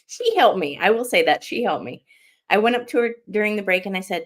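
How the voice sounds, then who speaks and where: A woman hosting an interview podcast, telling a story in a lively way, laughing often and acting out what people said. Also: medium pitch, moderate pace. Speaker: podcast host. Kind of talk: casual interview chat.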